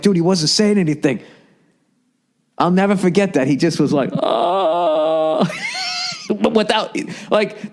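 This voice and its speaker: Profane storytelling podcast man. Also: on the high side. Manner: profane, animated anecdote with mimicked voices. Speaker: podcast host. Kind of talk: casual storytelling monologue.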